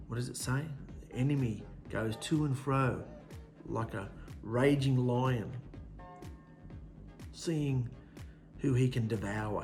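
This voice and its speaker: Guy preaching a sermon, punchy lists, hits every word, normal middle voice, bit of quiet music behind. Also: mid-range voice, creaky.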